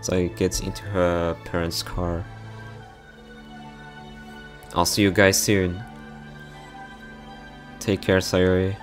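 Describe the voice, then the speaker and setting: A man with a deep, low voice reads a visual novel story aloud, taking every part himself. He speaks slowly and gently, with a soft, heartfelt delivery. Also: little pitch movement, soft background music.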